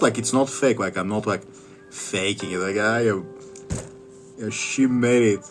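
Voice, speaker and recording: A man's voice: lowish voice, moderate pace, darkish tone. A man telling a comic story in a rambling, mumbled, casual way, with music behind. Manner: rambling, mumbled, full of fillers.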